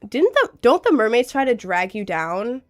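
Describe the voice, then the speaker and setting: A woman's voice: on the high side, big pitch swings, moderate pace, soft background music. A young woman streaming live with a cold, chatting in a rambling, giggly way and reading out chat. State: has a cold.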